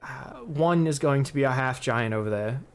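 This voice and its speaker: A man's voice: medium pitch, normal speed, faint music behind, lightly acted. A man voicing a prim, proper male bookie in a put-on British accent during a tabletop game. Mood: businesslike. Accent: fake British accent. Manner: stiff and proper.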